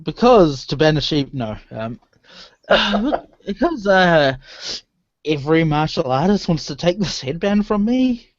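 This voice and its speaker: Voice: mid-range voice, big pitch swings, no room sound, dull audio. Casual tabletop player on a dry voice chat. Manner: casual, sighing, quick to exclaim. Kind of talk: tabletop game role-play.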